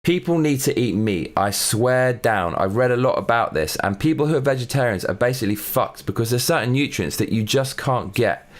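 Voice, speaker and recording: A man's voice: medium pitch, animated, a little fast, hardly any pauses. A man hosting a comedy news show, reading out articles and mocking them in a sarcastic, profane rant.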